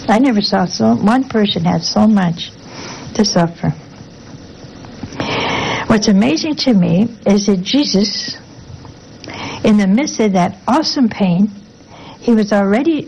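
A woman's voice: medium pitch, a little slow, creaky, pauses often, a little mellow, slight background noise, rough recording. An older religious sister giving an informal sermon in a folksy way, full of rhetorical questions and asides to her listeners. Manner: folksy, asks rhetorical questions with a teasing "huh?".

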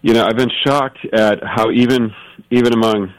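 A man answering as an expert guest, explaining scripture thoughtfully and patiently, often pausing and restarting his sentences. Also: mid-range voice, steady tone, poor audio. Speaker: guest scholar.

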